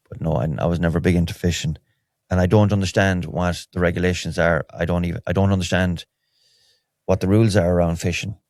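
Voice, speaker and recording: An Irish man with a very low, deep voice hosts a solo podcast, recorded dry and close. He rambles candidly and wryly, restarting his sentences often. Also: gravelly, a little mellow, no room sound. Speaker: podcast host. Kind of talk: solo podcast, casual chat.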